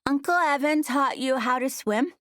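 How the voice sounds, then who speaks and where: A woman voicing a cheerful, chatty little girl in an audiobook, bubbly and excited. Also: high-pitched, moderate pace, no room sound, studio quality, pitched above the performer's own voice. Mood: playful.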